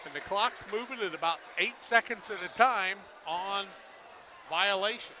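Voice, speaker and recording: A man doing play-by-play commentary of a high school basketball game, brisk and loud on made shots. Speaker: play-by-play announcer. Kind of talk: local radio sports commentary. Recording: noisy gym broadcast. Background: gym ambience, basketball bouncing.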